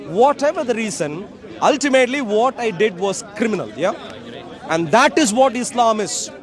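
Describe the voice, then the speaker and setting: A man speaking as a street speaker in an outdoor park, debating passersby in an emphatic, repetitive, lecturing way. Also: very high voice. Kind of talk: open-air debate speech to passersby.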